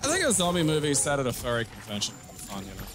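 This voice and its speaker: A man with a medium-pitched voice talks at a racing clip while playing a video game, swearing freely and riffing on silly ideas. He's an animated co-host of a gameplay channel giving casual commentary, with game music playing behind him.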